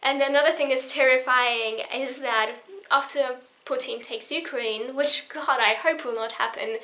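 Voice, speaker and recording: A woman's voice: high voice, steady tone, unhurried, pushed and bright. A woman in her twenties from Poland, talking to camera in an emotional personal vlog, earnest and rambling, with frequent restarts. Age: 20s. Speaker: vlogger.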